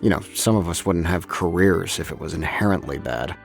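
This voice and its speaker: A man's voice: low-pitched, fairly quick, gravelly, soft background music. A man narrating a scripted video essay in a wry, analytical way.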